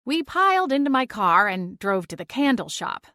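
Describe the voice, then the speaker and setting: Dry, measured woman narrator. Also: on the high side, big pitch swings, bright, forceful tone, no echo. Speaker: audiobook narrator. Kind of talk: first-person audiobook narration.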